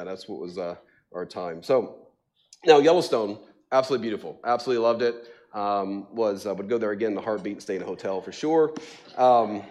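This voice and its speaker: A middle-aged man, a pastor, telling funny stories in a sermon. He mocks himself, laughs often and fills his talk with "um" and "like.". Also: on the low side. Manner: animated, self-mocking storytelling with frequent laughter and fillers. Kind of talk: sermon, storytelling to a congregation. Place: church sanctuary.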